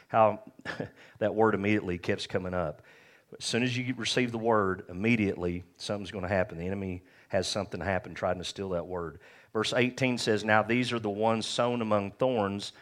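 A man's voice: on the low side, a bit bright. A man who is a pastor, preaching an earnest, conversational sermon full of personal stories.

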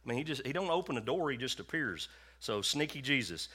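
A man's voice: mid-range voice, big pitch swings, fairly quick, sharp tone, husky. A man preaching a sermon in a church to his congregation, in a folksy, conversational way with lots of repetition. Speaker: pastor.

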